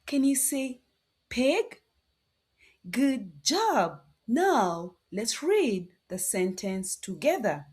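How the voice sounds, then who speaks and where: A high-voiced woman leads a phonics lesson for small children at a very slow, sing-song pace. Her voice is breathy and swoops up and down as she coaxes the class to repeat each sound. She stays cheerful and patient throughout. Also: big pitch swings, darkish tone. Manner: cheerful, coaxing, sounds out letters slowly. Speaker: phonics teacher for young children.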